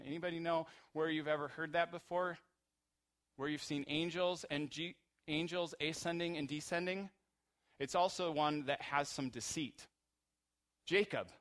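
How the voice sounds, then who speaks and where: Preaching a sermon, a man, a pastor, moves with passion between hushed, low stretches and loud, high-pitched climaxes.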